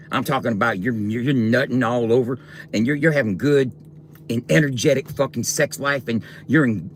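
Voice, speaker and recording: A man's voice: mid-range voice, slight background noise. A man ranting on a livestream, taunting and confronting his viewers directly in a coarse, profane way.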